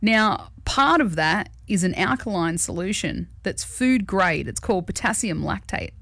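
A woman co-hosting a breakfast radio show, chatting casually with lively, animated storytelling. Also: medium pitch, a little slow, creaky, no echo.

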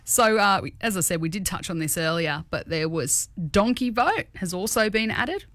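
Australian woman, breakfast radio co-host, animated and playful, dry close studio sound. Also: medium pitch, moderate pace, no echo. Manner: playful, bantering. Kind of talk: casual radio chat.

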